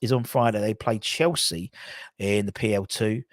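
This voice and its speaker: A man's voice: lowish voice, steady tone, normal speed, no room sound. A man hosting a football channel, giving casual, rambling commentary full of self-corrections.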